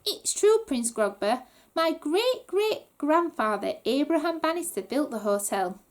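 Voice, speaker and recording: A woman's voice: high-pitched, sing-song, measured pace, voice pushed up. A woman voicing a father who runs a hotel, earnest and reassuring. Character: earnest, placating hotel-owner dad.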